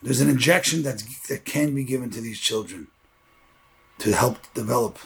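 Gravelly-voiced man preaching with fervor. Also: moderate pace. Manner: builds to loud, high-pitched fervor; uses Hebrew and Yiddish terms. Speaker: rabbi. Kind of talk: sermon.

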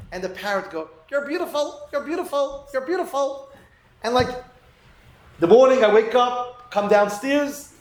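A man's voice: high-pitched, roomy sound, low-quality recording. A man giving a Torah lesson, earnestly telling a story and weaving Hebrew terms into his talk. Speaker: Torah teacher.

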